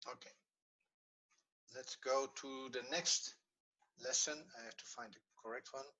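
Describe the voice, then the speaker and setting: A man's voice: medium pitch, steady tone, a little slow, pushed and bright. A man with a Dutch accent teaching Hebrew grammar in an online class, patiently repeating rules and fumbling with the video playback.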